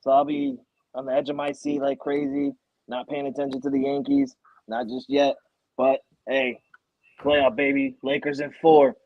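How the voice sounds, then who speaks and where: A man co-hosting a sports talk show, ribbing the others in a playful, excitable way. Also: mid-range voice, moderate pace, no room sound, muffled recording. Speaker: sports talk co-host, basketball fan. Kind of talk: casual sports banter.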